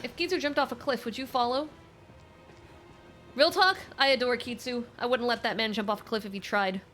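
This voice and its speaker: A high, bright young woman streams a video game with casual running commentary. She is playful and teasing, talking to her chat and her companion, close on a desk microphone. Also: brisk, soft background music. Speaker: livestreamer.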